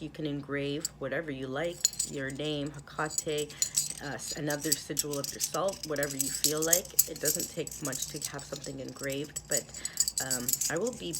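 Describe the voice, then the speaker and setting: A woman hosting her own vlog, talking casually and excitedly, rambling with lots of fillers. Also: sits low, noisy background. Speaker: channel host. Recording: clicks and jangling in the background.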